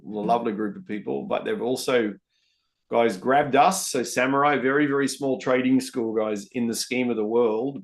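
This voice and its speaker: A man commentates live trades for an online audience. He speaks in a relaxed, chatty way at a middle pitch and keeps calling viewers guys and mate. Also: vocal fry. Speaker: trading educator hosting a live session. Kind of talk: live-stream trading commentary.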